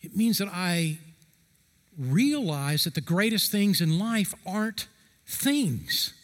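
A middle-aged man preaching a sermon as a pastor, earnest and emphatic, stretching key phrases slowly for stress. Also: high-pitched, animated, long reverb tail.

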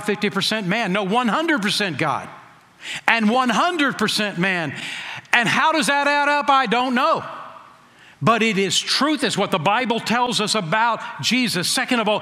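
A man preaching a sermon as pastor, emphatic, slowing down to stress key phrases and asking rhetorical questions. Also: high voice, pushed and bright, in a large hall.

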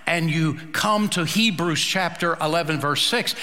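A male pastor preaching a sermon, slow and emphatic, with dramatic pauses. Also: high-pitched, pushed and bright, in a large hall.

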